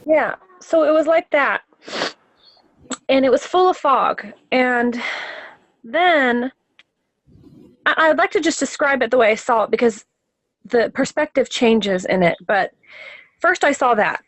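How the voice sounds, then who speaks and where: A woman tells of a vision in a casual, earnest way. She pauses to search for words and often restarts her sentences. Her voice sits fairly high, and the recording is close and dry with no room sound. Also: animated, fairly bright tone, dry recording, rough recording. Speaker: person sharing a vision. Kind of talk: casual spoken account.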